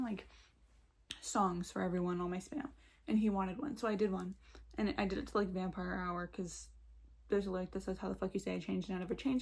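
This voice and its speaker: Husky young woman ranting a storytime. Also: mid-range voice, warm tone. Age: young adult. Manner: fast, heated, swearing often. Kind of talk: casual storytime vlog. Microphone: phone.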